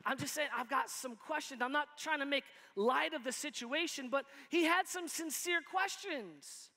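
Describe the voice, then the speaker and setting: A man with a high, bright, ringing voice preaches a sermon in a casual, playful way. He jumps into quick acted-out bits of dialogue to make his points, and his voice carries a long church reverb. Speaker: pastor. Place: church sanctuary.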